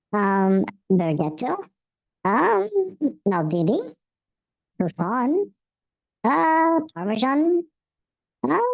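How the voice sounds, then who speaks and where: A man putting on a comic, excitable Italian caricature voice with a mock Italian accent, squeaky and gravelly, drawn out and swooping. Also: dry recording, full character voice, rough recording.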